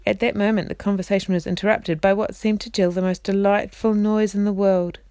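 A woman reading a children's novel aloud, steady, with small slips and restarts. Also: mid-range voice, a little fast, no echo. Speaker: reader.

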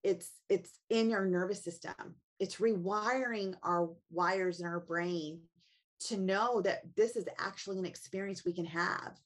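A woman's voice: on the low side, fairly even intonation, unhurried. A middle-aged woman, a family coach and author, speaking earnestly as an interview guest and asking herself reflective questions. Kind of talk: interview guest, personal storytelling.

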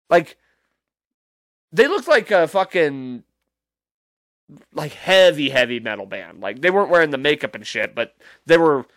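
Podcast host, male, slightly high, incredulous storyteller who swears a lot, dry booth. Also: fairly bright tone, dry recording. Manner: rambling, profane, incredulous, many restarts. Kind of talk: casual storytelling monologue.

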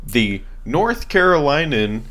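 A man's voice: medium pitch, big pitch swings, slow pace, fairly bright tone. A young man in casual podcast chat, earnest and blunt, swearing casually.

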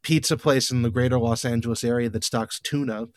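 A man's voice: mid-range voice, fairly even intonation, fairly quick, no echo, studio quality. A man hosting a casual podcast, recapping an episode in a rambling, wry way with lots of fillers and restarts. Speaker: podcast host.

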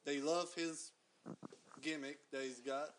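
A man's voice: a little high, steady tone, slow, fairly bright tone, slight background noise. A man guesting on a casual wrestling talk show, stammering and insistent as he argues his point. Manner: stammering, insistent, says hold on a lot. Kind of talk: casual chat.

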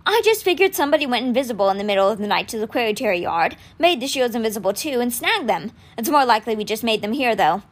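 A woman's voice: fairly high pitch, expressive, quick pace, hardly any pauses. A woman voicing a guarded, irritable teenage boy who answers in a defensive, evasive way.

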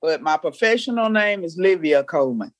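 Lively, animated mother on a podcast. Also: low voice, fairly quick, dry recording, clean studio sound. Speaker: host's mother, guest. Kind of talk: casual chat.

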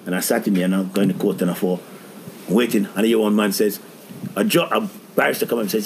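A man's voice: lowish voice, fairly even intonation, fast, slight background noise. A man animatedly telling a story in casual chat, often laughing as he goes.

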